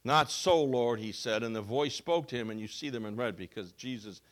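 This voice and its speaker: A man preaching a sermon as a pastor. He reads scripture and explains it with emphasis, going from loud to soft. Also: fairly low pitch, fairly quick. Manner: emphatic, with wide swings between loud and soft.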